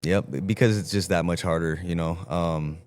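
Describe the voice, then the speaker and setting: A man's voice: sits low, moderate pace, darkish tone, a little hiss or hum. A man hosting a podcast, speaking in a laid-back, agreeable way and swearing casually. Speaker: podcast host, father. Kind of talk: casual conversation.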